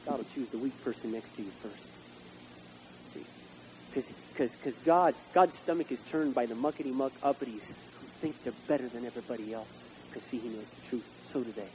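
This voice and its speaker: A male pastor preaching a sermon, swinging between loud outbursts and hushed asides. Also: mid-range voice, highs cut off, background noise.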